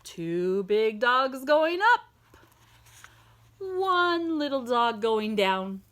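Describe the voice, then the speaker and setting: A woman reads a picture book aloud very slowly, her pitch leaping high and swooping low in an exaggerated sing-song storytime manner. Her tone is bright and clear, and she stops now and then to ask the listener questions. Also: big pitch swings. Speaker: children's book reader.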